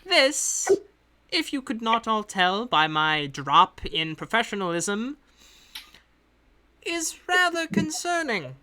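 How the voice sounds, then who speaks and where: Woman playing a slow, formal female patron with an accent. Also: on the high side, big pitch swings, pushed and bright, voice pushed up, heavily acted. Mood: earnest. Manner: formal, measured, polite speech in a put-on accent. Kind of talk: in-character tabletop narration.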